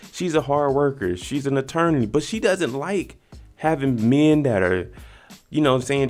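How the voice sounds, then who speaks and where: A man giving a casual, slangy recap of a dating show, animated and acting out what the cast members said. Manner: animated, slangy, acts out quotes in higher pitch. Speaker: YouTube reaction host.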